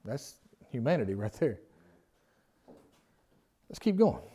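A man's voice: medium pitch, sing-song, slow pace, warm tone, slightly rough. A man teaching a Bible study in a conversational way, reading scripture aloud and then putting questions to his group in informal, folksy phrasing.

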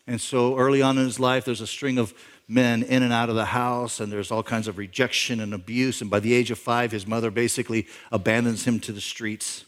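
A middle-aged male pastor giving a sermon, telling a story conversationally, with lines that climb louder and higher for emphasis. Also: flat delivery, a little fast. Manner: conversational storytelling, imagining a backstory aloud; rises in pitch and volume for emphasis.

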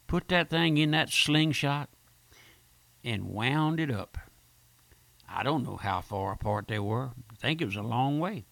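A man's voice: mid-range voice, a little slow, vocal fry, fairly bright tone, no room sound. An older man preaching a fervent radio sermon, repeating himself and calling listeners "my friend".

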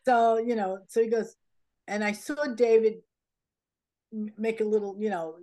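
A woman's voice: medium pitch, measured pace. A woman being interviewed, telling stories casually with plenty of laughs and quoted dialogue. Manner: animated, laughs often, acts out quoted dialogue. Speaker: interview guest. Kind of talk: casual anecdotal storytelling.

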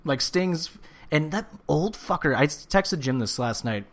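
A man co-hosting a casual wrestling podcast, ranting and swearing with animated bursts of shouting. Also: a little high, measured pace. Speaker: podcast co-host. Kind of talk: casual wrestling recap chat.

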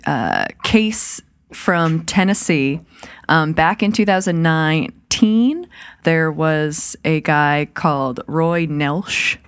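Low, smooth woman's voice, casual podcast storyteller, dry close sound. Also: no echo. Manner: relaxed storytelling with frequent "like" fillers. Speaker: podcast co-host presenting horror news.

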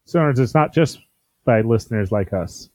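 A man's voice: mid-range voice, animated, a little fast, a little mellow, no room sound. A man hosting a podcast in casual chat, stammering and repeating words, on a dull lo-fi mic. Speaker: podcast host.

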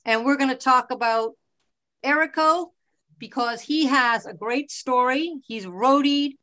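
A friendly woman in her fifties hosts a podcast. She talks in an upbeat, chatty way, and her voice sits a little high. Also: measured pace, pushed and bright, dry recording. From Boston, USA. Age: 50s. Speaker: podcast host. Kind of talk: podcast intro and interview.

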